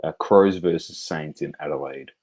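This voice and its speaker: A man's voice: rumbling low, normal speed, a little mellow, breathy edge, low-quality recording. A man hosting a sports podcast, bantering in a teasing, laid-back way. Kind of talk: casual sports chat.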